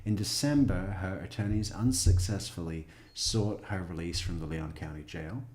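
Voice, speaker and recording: A man with a very low voice reads a crime news story aloud and keeps breaking in with dry, sarcastic asides. He sounds like he is in an echoey room, commenting casually. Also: darkish tone.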